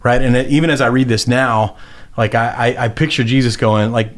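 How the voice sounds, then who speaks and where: A male pastor walks through a Bible passage in casual conversation, speaking briskly in a steady, mid-range voice. He rambles, restarts sentences often, uses lots of fillers, and acts out the characters' lines.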